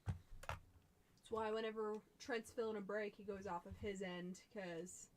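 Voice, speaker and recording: A woman co-hosting a live stream, adding relaxed side comments in casual chat. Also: medium pitch, a little slow, background noise. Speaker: co-host.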